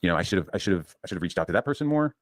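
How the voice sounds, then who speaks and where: A man's voice: sits low, expressive, very fast, no room sound. A man telling a long profane story in a rambling casual rant, full of restarts and fillers. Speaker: comics channel host.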